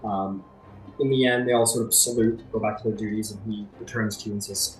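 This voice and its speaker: A man narrating as game master in a casual, halting way with many fillers. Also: lowish voice, fairly even intonation. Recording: echoey room, faint music.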